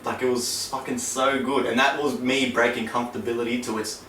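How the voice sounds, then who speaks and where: Young man, podcast host, animated and sweary, a bit off-mic in a roomy space. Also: medium pitch, fairly quick. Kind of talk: casual chat. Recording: echoey room, mic at a distance, faint noise.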